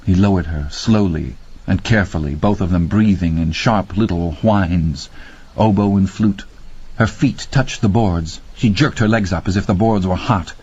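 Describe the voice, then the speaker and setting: A man with a husky voice narrating a horror audiobook with slow, dramatic pacing. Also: sits low, a little mellow. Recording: dull lo-fi audio.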